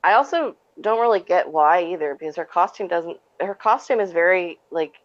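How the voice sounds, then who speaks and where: A woman's voice: fairly low pitch, expressive, moderate pace, no echo, muffled recording. A woman chatting on a podcast, candid and wry, laughing at herself. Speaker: podcast co-host. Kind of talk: casual podcast chat.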